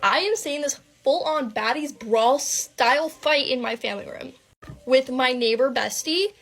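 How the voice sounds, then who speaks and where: A young adult woman vlogger telling a dramatic personal story, animated and breathless, with lots of fillers and swearing. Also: high-pitched, a little slow, slight background noise.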